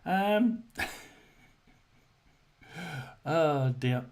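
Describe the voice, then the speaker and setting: A man hosting a casual live chat, rambling and hesitant, often clearing his throat and telling jokes to his viewers. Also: on the high side, lively intonation, drawn-out words. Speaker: host of a live tarot chat stream.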